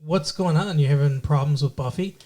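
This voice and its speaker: Brief: man casually voicing a friendly young guy, quiet, plain voice. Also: fairly quick, close to an everyday voice. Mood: sympathetic. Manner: casual retelling, low and quiet. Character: friendly young male hospital intern, sympathetic.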